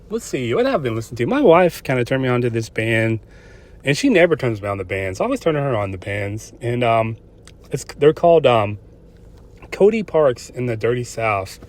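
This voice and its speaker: A man's voice: medium pitch, very animated, normal speed. Older guy ranting on his podcast, swears a lot, keeps restarting his sentences. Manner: profane, rambling, restarts often. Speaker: podcast host. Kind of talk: casual solo podcast rant.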